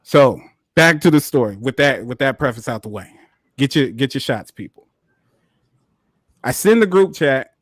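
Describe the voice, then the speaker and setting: A man co-hosting a podcast, telling a story in a casual, animated way, full of profanity and quick laughs. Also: medium pitch, no echo, studio quality. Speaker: podcast co-host.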